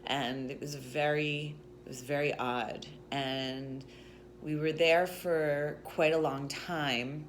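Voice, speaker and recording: A woman's voice: low voice, steady tone, slow pace, a little hiss or hum. A woman vlogger telling a story in a casual, rambling way, with lots of restarts and "like"s. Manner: rambling, chatty, with many restarts and "like"s.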